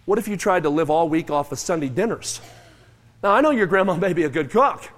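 A man with a high, bright pitch preaches a lively sermon, mooing and chewing aloud for effect and calling on his listeners to answer back. His voice rings out with a long reverb, as from a church sanctuary. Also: brisk. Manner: animated, moos and chews aloud, calls on the crowd.

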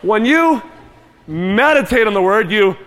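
With a high, bright voice, a man delivers a lively sermon at a measured pace, mooing and chewing aloud for effect and urging his listeners to answer back. A long reverb carries his words, as if he stands in a church sanctuary.

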